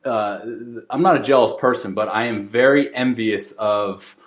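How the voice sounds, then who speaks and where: Low-voiced guy hosting a podcast, chatty, lots of ums and likes. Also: normal speed. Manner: filler-heavy, with many likes and ums. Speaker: podcast host. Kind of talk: casual podcast chat.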